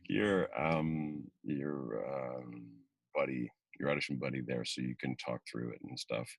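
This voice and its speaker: Husky low-voiced man telling a story. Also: no room sound. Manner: animated, acts out quoted voices. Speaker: acting webinar host. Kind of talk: casual storytelling and advice. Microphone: webinar video call.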